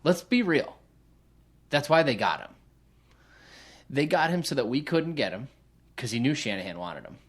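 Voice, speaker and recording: A man co-hosting a sports podcast, talking excitedly and profanely about his team. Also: mid-range voice, moderate pace, long pauses. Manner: excited, profane fan talk. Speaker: podcast co-host. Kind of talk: casual sports podcast chat.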